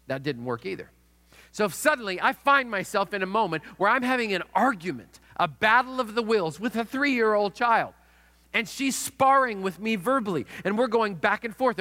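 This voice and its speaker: A high, bright male voice preaching in a church sanctuary. He is a middle-aged pastor telling stories, dropping to a hush and then rising again. A long hall reverb trails each phrase. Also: normal speed. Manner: storytelling, dramatic shifts in loudness. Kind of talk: sermon.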